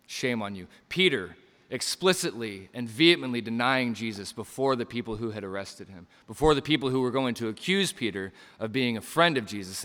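A man preaching a sermon with passion, surging to loud emphasis and dropping to quiet lines, acting out quoted voices as he tells stories. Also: medium pitch, in a large hall. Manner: impassioned, swings between loud emphasis and quiet drops; acts out quoted lines in storytelling asides.

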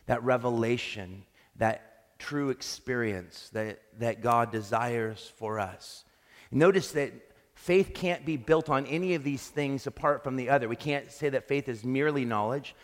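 A man preaching a sermon as pastor, earnest and reflective, often restarting his sentences. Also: mid-range voice. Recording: long reverb of a large hall.

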